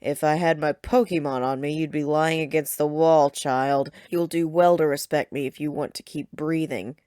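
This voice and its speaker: Woman doing a burly pirate boss man, menacing, condescending, low voice, dry close sound. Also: fairly even intonation, moderate pace, darkish tone, clean tone, dry recording, natural voice. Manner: threatening and condescending. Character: burly menacing male pirate gang leader.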